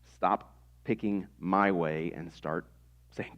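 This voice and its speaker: A man's voice: fairly low pitch, animated, a little fast, a little mellow. A man in his thirties preaching a sermon in a conversational way, with rhetorical questions to the congregation. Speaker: pastor.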